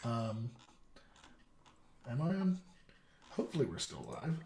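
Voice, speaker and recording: A man's voice: mid-range voice, big pitch swings, measured pace, a little mellow, a little hiss or hum. A man, a dialect coach, hosting a live video stream in a playful, chatty way and talking straight to his viewers over a video call setup. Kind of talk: casual live-stream chat.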